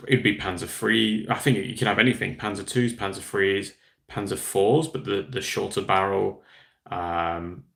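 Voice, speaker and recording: A man's voice: lowish voice, creaky. A man hosting a casual live stream, chatting in a rambling, self-deprecating way while answering viewer comments. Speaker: livestream host.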